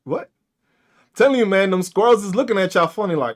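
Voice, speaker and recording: A man's voice: high voice, animated, brisk. A man hosting a podcast, ranting and mocking with heavy profanity and frequent laughter, speaking with features. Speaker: podcast host. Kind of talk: ranting commentary on comments.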